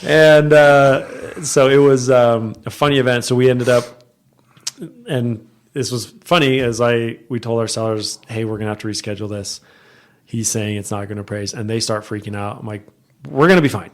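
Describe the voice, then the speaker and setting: A man's voice: mid-range voice, normal speed. A man co-hosting a podcast, casually telling a work story and acting out the people in it. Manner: animated, acts out quoted people. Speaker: real estate agent, podcast co-host. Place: podcast studio.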